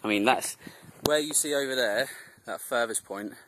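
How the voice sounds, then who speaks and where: Young guy, rambling travel-vlog chat, mid pitch, slight hiss behind the voice. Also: moderate pace. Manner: chatty, rambling, laughs a lot. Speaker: cycle tourer. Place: outdoors on a mountain road.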